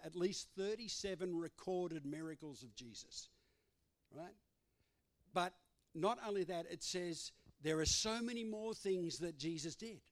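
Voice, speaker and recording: A man preaching a sermon, emphatic and given to repetition. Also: high voice. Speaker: pastor.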